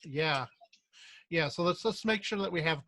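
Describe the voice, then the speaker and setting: A man in a casual work meeting on a video call, thinking aloud with halting restarts as he triages software issues. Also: fairly high pitch, animated, slight background noise.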